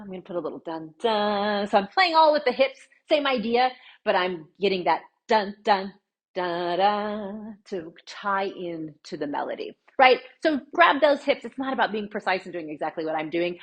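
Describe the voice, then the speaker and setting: A woman's voice: medium pitch, lively intonation, fairly quick, slightly rough, muffled recording. A woman teaching a dance lesson as the instructor, scatting the rhythm as she demonstrates and often checking in with "right?". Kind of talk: dance lesson with sung counts.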